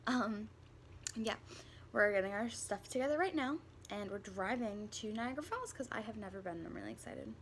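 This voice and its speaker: A woman's voice: mid-range voice, sing-song, quick pace, few pauses. A bubbly, giggly young woman chatting casually into a handheld camera for her travel vlog, outdoors and in a car. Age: young adult. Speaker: vlogger. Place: outdoors at a busy tourist spot and in a car. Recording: loud crowd and traffic noise.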